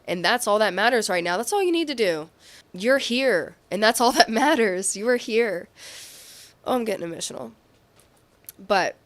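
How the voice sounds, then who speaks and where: Smooth-voiced woman giving a tarot reading. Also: mid-range voice. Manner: earnest, encouraging, thinks aloud with restarts. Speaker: tarot reader.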